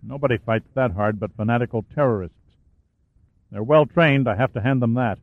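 A wounded lieutenant played by a man gives orders calmly and firmly. The recording is thin, phone-like and dry. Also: mid-range voice, moderate pace, dry recording, natural voice. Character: cool-headed wounded male lieutenant.

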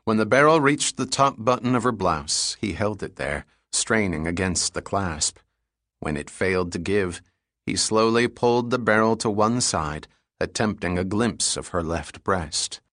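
A man narrating a thriller audiobook chapter in a steady, measured way. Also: lowish voice, no echo, studio quality. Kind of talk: scripted narration.

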